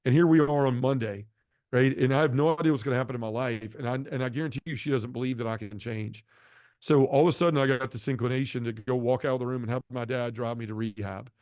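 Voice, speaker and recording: A middle-aged man tells his own conversion story at a quick clip, his voice sitting at an ordinary pitch. He speaks earnestly and from the heart. The sound is dry and close, with no room echo. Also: a little mellow. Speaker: guest sharing a conversion testimony. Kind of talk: emotional personal testimony.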